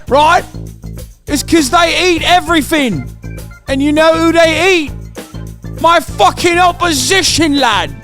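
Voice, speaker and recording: A man's voice: extremely high pitch, fairly bright tone, pitched above the performer's own voice, exaggerated voice. Man putting on a furious ranting English lad. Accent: put-on English. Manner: ranting, menacing, drawn-out. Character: furious boastful English lad, mansion owner.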